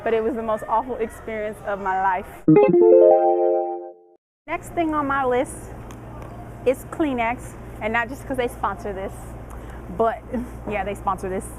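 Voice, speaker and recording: A woman's voice: fairly high pitch, a little slow, pauses often, over loud music, low-quality recording. A young woman giving casual college dorm advice, chatty and colloquial, laughing often.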